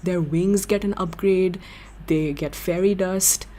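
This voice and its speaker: A young woman hosting a livestream, chatting with viewers in an excitable, giggly way. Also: lowish voice, slow pace. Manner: excitable, giggly, gushing fan talk. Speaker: livestream host. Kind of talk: casual chat with viewers.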